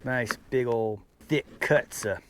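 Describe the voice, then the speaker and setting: In this casual camp vlog, a man at a mountain campsite lays out snacks, talking to his dogs and to the camera. His mid-range voice is slow and a bit bright, and the audio carries a little hiss or hum.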